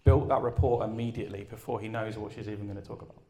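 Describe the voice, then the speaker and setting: A man speaking at a live event, telling a story and asking his audience questions in an energetic way, then taking questions. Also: fairly low pitch, quick pace. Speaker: conference speaker. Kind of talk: live talk and Q and A.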